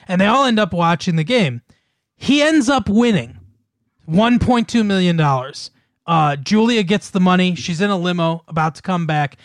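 A man's voice: fairly high pitch, no echo, studio quality. A man casually recapping a movie plot, rambling and swearing, with lots of fillers and laughs. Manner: rambling, profane, laughs often, many fillers. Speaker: podcast co-host recapping a film. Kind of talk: casual chat.

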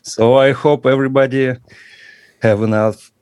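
A Russian man talks as a podcast guest in careful, halting English, stopping to hunt for the right word. His Russian accent colors every phrase. The recording is close and dry, with almost no room sound. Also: medium pitch, fairly even intonation, a little mellow, no room sound. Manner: halting, searching for English words. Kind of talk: casual interview chat. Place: home at night, remote call.

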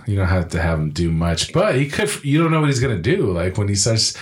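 Man, very low voice, casual podcast co-host, short reactions, swears. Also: sing-song, fairly quick. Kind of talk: casual chat.

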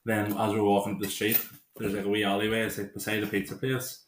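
Co-hosting a laid-back podcast, a Northern Irish man in his 20s talks fast in a lowish, completely flat voice. His stories ramble on with plenty of "like" and laughter, captured in a roomy space with slight background noise.

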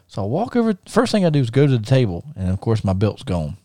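A man's voice: medium pitch, fast talker, no room sound, clean studio sound. Man telling a road story. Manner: animated storyteller, acts out quoted voices; frequent fillers and restarts. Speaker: podcast host. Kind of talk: casual storytelling.

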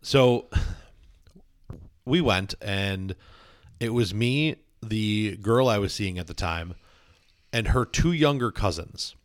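A man's voice: fairly low pitch, animated, takes it slowly, pauses often. A young man, casually telling stories and filling his talk with "like". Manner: storytelling, heavy use of "like". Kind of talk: casual chat.

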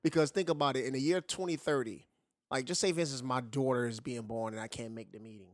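A man's voice: mid-range voice, steady tone, fast talker, dry recording, clean studio sound. A man co-hosting a casual talk show, laid-back and slangy, often saying bruh. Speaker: podcast co-host. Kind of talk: casual chat.

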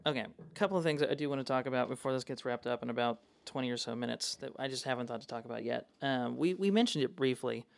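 A young man, a dungeon master co-hosting a podcast, talking in an animated, excitable casual chat and swearing freely. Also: medium pitch, fast, vocal fry, hardly any pauses.

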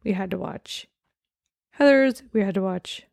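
Woman, forties, casual movie chat, gravelly, close dry sound. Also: medium pitch, lively intonation, unhurried, darkish tone, no room sound. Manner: chatty, recaps scenes with quoted lines. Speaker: podcast co-host.

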